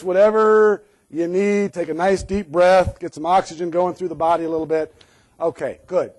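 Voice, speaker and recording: A middle-aged man giving a live safety talk to a room, sarcastic and lively, laughing often. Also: high-pitched. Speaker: safety speaker.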